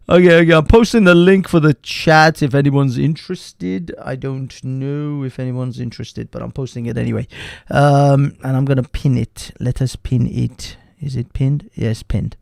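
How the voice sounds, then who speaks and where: A man's voice: mid-range voice, steady tone, moderate pace, creaky, darkish tone, no room sound, studio quality. A man hosting a live stream, chatting casually and profanely. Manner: profane, breaks into laughter.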